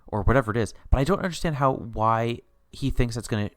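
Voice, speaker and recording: A man co-hosting a podcast, chatting about a TV miniseries in an animated way, laughing often with sudden upward jumps in pitch. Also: fast, dry recording, clean studio sound. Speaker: podcast co-host. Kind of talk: casual chat recapping a TV miniseries.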